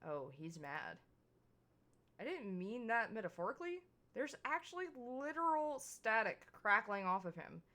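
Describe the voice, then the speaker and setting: Woman streamer reading a visual novel out loud, bright voice, trips over words and restarts a lot. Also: mid-range voice. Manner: casual, stumbling over words and laughing at slips.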